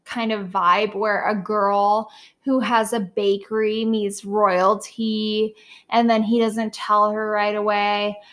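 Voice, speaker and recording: A woman's voice: mid-range voice, flat delivery, takes it slowly, a bit bright. A young adult woman co-hosting a podcast, chatting casually with blunt, profane opinions. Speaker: podcast co-host. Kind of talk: casual chat.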